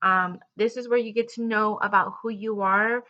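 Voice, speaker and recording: A woman talks through a tarot love reading in a loose, rambling way, full of fillers and restarts. Her voice is bright and forward, and the recording sounds slightly muffled and lo-fi. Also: medium pitch, fairly even intonation, moderate pace. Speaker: tarot reader. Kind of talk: casual tarot reading to camera.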